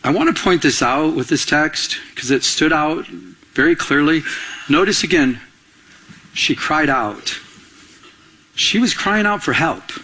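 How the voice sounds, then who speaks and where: A middle-aged man preaching a sermon as a pastor, animated and conversational, often asking the congregation questions. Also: on the high side, measured pace, pauses often, slightly rough.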